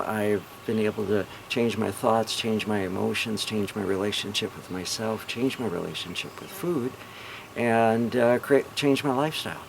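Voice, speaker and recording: A man's voice: on the low side, creaky. A middle-aged man, a hypnotherapist, telling a personal story to viewers in an earnest, encouraging way. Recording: noticeable background noise.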